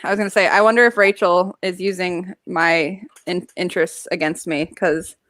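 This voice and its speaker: A woman co-hosting a podcast in casual chat, excitable and giggly. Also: lowish voice, normal speed, dry recording.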